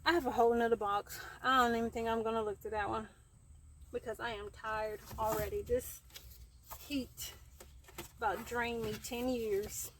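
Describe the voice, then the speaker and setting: A woman's voice: on the high side, little pitch movement, moderate pace, a little hiss or hum, poor audio. A young woman vlogging outdoors in the heat, chatty and rambling with fillers, somewhat out of breath. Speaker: book vlogger. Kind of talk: casual chat. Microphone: camera framing herself.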